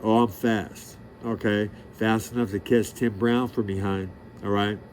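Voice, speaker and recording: A middle-aged man with a somewhat low voice delivers a rambling monologue straight to the listener. He is brash and crude, bragging and peppering his talk with street slang. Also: steady tone, a little slow, darkish tone, a little hiss or hum. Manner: profane, boastful, streetwise; rambling, loses track of the story. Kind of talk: rambling direct-to-camera monologue.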